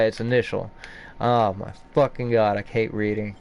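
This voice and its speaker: A man's voice: on the low side, little pitch movement, moderate pace, a little mellow. A man commentating a video game playthrough, ranting with lots of swearing. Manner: swearing, frustrated rants. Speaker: gamer. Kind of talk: gameplay commentary.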